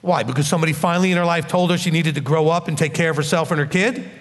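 A man's voice: fairly high pitch, fairly even intonation, racing, long reverb tail. A man in his fifties preaching a sermon in a blunt, emphatic, scolding manner. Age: 50s.

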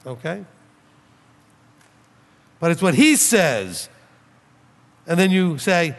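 A man's voice: high-pitched, expressive, moderate pace, pauses often, fairly bright tone. A man, a rabbi, giving a sermon with emphatic rhetorical questions and mocking imitations of his critics. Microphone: preaching without notes, standing. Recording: long hall reverb.

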